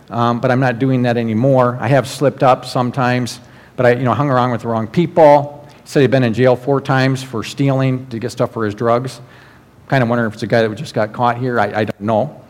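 A man preaching a sermon as pastor, earnest and conversational, with frequent fillers and restarts. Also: mid-range voice. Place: church sanctuary. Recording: long hall reverb.

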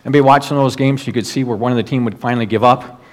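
A middle-aged male pastor preaching a sermon in an earnest, exhorting way, slowing down and dropping his voice when quoting prayers and scripture. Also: steady tone. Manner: earnest preaching, drops low and slow for quoted prayers and scripture.

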